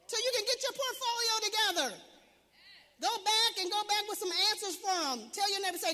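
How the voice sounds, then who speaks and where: High bright-voiced woman preaching success. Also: fairly quick, long reverb tail. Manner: preachy, repetitive, emphatic questioning. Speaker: business and wealth coach. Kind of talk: motivational talk to an audience.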